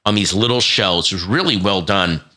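Co-host, fifties, low-ish bright voice, lively anecdotes with stumbling restarts. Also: male voice, brisk. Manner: animated storyteller, stumbling restarts. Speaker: podcast co-host. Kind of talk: casual chat.

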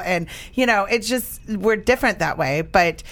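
A woman's voice: medium pitch, normal speed, few pauses, a bit bright. Chatty middle-aged woman from the Chicago area, rambling podcast guest, lots of fillers and laughter. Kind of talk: casual chat.

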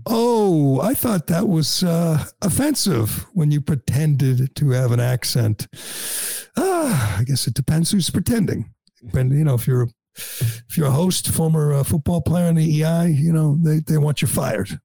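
A man's voice: fairly high pitch, animated, measured pace, creaky, mellow, no echo. A man hosting a talk radio show, delivering sarcastic, mocking opinion commentary.

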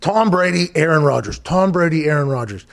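A man's voice: on the high side, expressive, brisk, gravelly. A man hosting a sports talk show, rambling and emphatic in casual chat, swearing freely.

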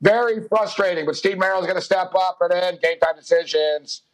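A man hosting a sports betting talk show tells stories animatedly in casual chat, acting out the dialogue and laughing often. His voice is high, his speed normal, and the audio poor.

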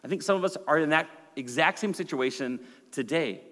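A male pastor preaches in a conversational, storytelling manner, swinging between loud bursts and hushed asides. His voice sits on the higher side for a man. It trails off in a long hall reverb. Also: a little fast. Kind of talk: sermon.

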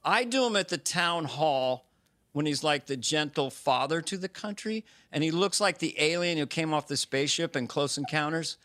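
A man appearing as a comedian guest over a video call, chatting casually as a playful, animated storyteller. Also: fairly high pitch, normal speed. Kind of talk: casual talk show chat.

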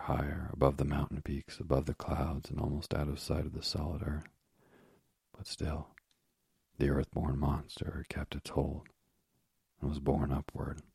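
Very deep gravelly male storyteller. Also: dark tone, no echo, studio quality. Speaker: narrator. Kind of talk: storybook reading aloud.

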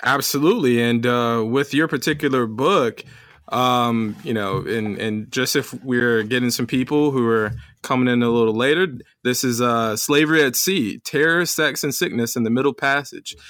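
A man's voice: medium pitch, a bit bright, no echo, clean studio sound. A man hosting an interview, asking his guest about her book with many fillers and restarts. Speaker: interview host. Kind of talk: conversational interview.

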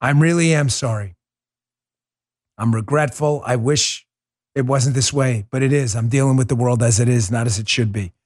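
A middle-aged man hosting a political commentary show, swinging between quiet apology and loud indignation. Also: mid-range voice, normal speed. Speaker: podcast host.

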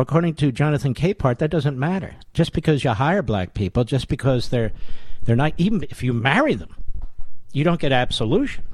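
A man hosting a talk radio show, delivering a combative, sarcastic monologue full of mocking rhetorical questions, his voice rising high in indignation. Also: no echo. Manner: voice climbs high and loud in indignation.

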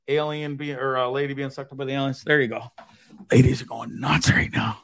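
A man's voice: medium pitch, flat delivery, fairly quick, creaky, a bit bright. A man from Canada hosting a casual show, crude, joking and self-deprecating. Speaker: show host. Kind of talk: casual livestream chat.

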